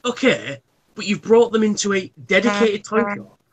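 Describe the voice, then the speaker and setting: A man's voice: sits high, moderate pace. A man who works in a toy shop, chatting casually and acting out customers as he tells stories. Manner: animated storyteller, acts out customers. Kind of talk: casual chat.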